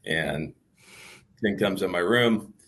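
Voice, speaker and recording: A man's voice: low-pitched, takes it slowly, fairly bright tone, husky. A man who plays professional baseball, telling candid stories in an interview in a thoughtful, rambling way. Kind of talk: reflective storytelling in interview.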